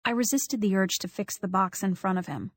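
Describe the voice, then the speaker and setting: A woman narrating a first-person audiobook, telling the story in a measured, wry way. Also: medium pitch, dry recording.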